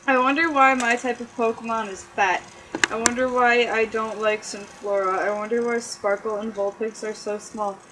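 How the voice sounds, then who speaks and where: A bored, teasing Pokemon from a childish storybook, read aloud by a woman. The lines come with plain read-aloud delivery in a fairly high voice. A faint hiss sits behind. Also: steady tone, moderate pace, close to an everyday voice. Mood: flat, teasing.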